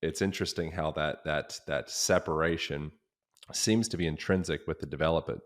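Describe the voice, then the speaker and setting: A man's voice: rumbling low, fairly even intonation, normal speed. A man hosting a podcast, thinking aloud in a searching, conversational way. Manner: thoughtful, searching, with restarts. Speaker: podcast host. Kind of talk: casual interview talk.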